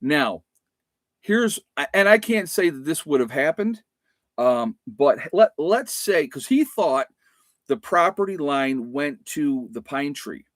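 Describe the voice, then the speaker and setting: A man's voice: a little high, sing-song, slow, no room sound. A man hosting a live stream, talking casually and rambling with lots of fillers and restarts. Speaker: livestream host.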